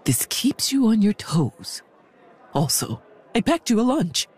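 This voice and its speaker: A woman playing a brisk, eccentric aunt who sneaks up on the kids, with a husky, matter-of-fact, wry delivery in an audio drama. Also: mid-range voice, big pitch swings, darkish tone.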